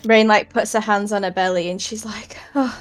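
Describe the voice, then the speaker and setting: A woman's voice: mid-range voice, little pitch movement, a little fast, soft background music. A woman playing a tabletop role-playing game, describing her character's actions in a chatty, casual way. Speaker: player.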